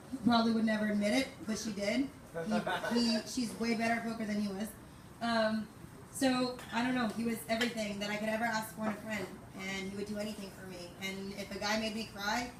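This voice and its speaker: A young woman in her twenties giving an informal memorial tribute, rambling through anecdotes and often laughing. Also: fairly high pitch. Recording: echoey, distant mic, background noise.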